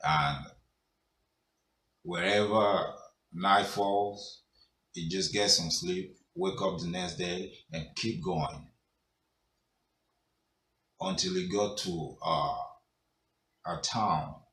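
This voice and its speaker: A man narrates a folk tale conversationally, with fillers, in a very low, unhurried voice that has a fairly bright tone. He's in an echoey room with faint background noise.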